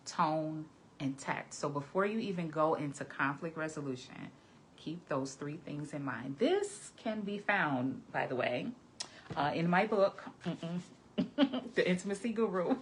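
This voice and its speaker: A woman's voice: sits low, animated, a little slow, slight background noise. A woman therapist giving relationship advice straight to camera, earnest and direct, often checking in with "okay?". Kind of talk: conversational advice talk to camera.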